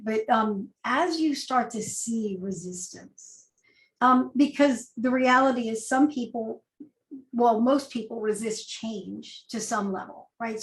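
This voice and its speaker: A woman's voice: fairly high pitch, reverberant, poor audio. A woman, an agile coach, giving a conversational talk with rhetorical questions. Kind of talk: presentation talk.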